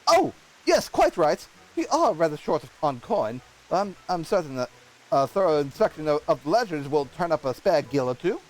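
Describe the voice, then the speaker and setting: A man's voice: fairly high pitch, big pitch swings, moderate pace, a little mellow, poor audio. A man voicing a polite, proper male noble patron, reading game dialogue aloud in a formal manner and stumbling over words. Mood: gracious.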